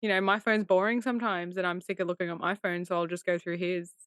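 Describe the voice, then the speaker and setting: A woman's voice: fairly low pitch, flat delivery, fast, clean tone, dry recording, studio quality. A woman co-hosting a casual podcast chat, joking and laughing often in a breezy way. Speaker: podcast co-host.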